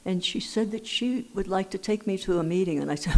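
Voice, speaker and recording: A woman's voice: on the low side, unhurried, creaky, long pauses, darkish tone. An older woman from Los Angeles telling her recovery story at a meeting, with dry humor. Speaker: AA speaker. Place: meeting hall.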